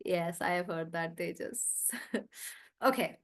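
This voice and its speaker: A woman teaching pronunciation in an online class. She is upbeat, laughs often, and repeats words slowly to model the stress. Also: fairly low pitch.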